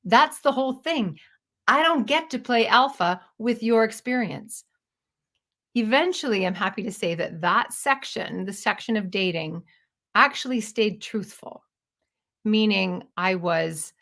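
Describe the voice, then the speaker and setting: A woman's voice: mid-range voice, lively intonation, a little slow, sharp tone. A woman in her fifties, a storyteller and stage performer, talking through a reflective personal monologue in an earnest, searching and self-questioning way. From Canada. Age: 50s.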